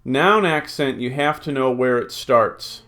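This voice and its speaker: Speaking in a mid-range voice with a fairly bright tone, a man gives a recorded Greek lesson, unhurriedly practicing word forms, reading rules, and musing aloud with many ums and uhs.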